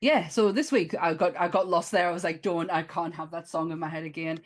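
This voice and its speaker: A woman's voice: fairly low pitch, fairly quick. A woman hosting a podcast in casual chat, chatty and laughing often. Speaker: podcast host.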